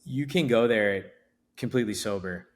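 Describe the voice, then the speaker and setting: A man's voice: fairly low pitch, moderate pace. A middle-aged man chatting casually as a podcast guest, rambling with restarts and fillers. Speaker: event company founder, podcast guest. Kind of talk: casual interview chat.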